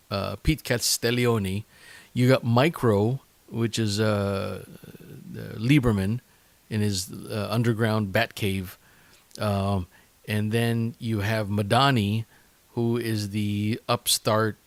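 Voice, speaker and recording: A man hosting a casual solo podcast, talking in a chatty, halting way with many fillers and restarts. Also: fairly low pitch, no echo. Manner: chatty and enthusiastic. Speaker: podcast host.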